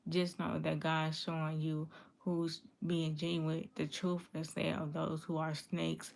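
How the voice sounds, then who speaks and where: Woman vlogging straight to her viewers, aave speech, gravelly low voice, says things over and over like she means it. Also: completely flat delivery, a little slow. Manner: earnest, repetitive, emphatic. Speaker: livestream vlogger reading viewer comments. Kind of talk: casual confessional talk to viewers.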